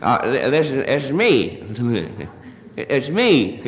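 A man doing a stand-up telephone monologue as a hungover caller, stammering and halting with many pauses and uh's. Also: medium pitch, sing-song. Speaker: comedian. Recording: live stage recording, long reverb, audience laughter. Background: audience laughter.

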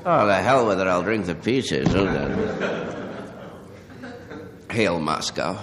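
A man doing a stand-up telephone monologue as a hungover caller, stammering and halting with many pauses and uh's. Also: sits low, animated, heavy background noise. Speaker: comedian. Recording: live stage recording, long reverb, audience laughter. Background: audience laughter.

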